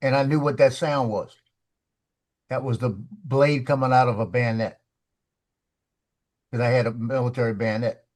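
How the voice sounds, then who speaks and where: Speaking at normal speed with long pauses, a mid-range-voiced man recounts a story during a casual studio chat. His telling is animated, with false starts, repeated words, and impressions of the people he describes.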